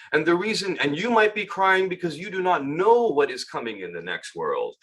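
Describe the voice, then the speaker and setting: A man's voice: on the high side, slightly rough. A man delivering a religious lecture at a memorial gathering, retelling a narration and acting out its dialogue with rising emphasis. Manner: storytelling, gently acts out dialogue with rising emphasis.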